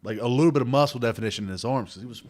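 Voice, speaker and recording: A man's voice: mid-range voice, very fast, darkish tone. A man co-hosting a podcast, telling a long, profane travel story in casual chat and acting out the people in it. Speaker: podcast co-host.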